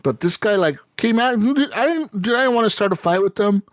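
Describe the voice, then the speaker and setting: A man co-hosting a gaming podcast, telling stories in a lively, casual way and swearing often. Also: high-pitched, fairly quick, dry recording. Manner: animated storytelling, swears often. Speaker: podcast co-host. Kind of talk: casual chat.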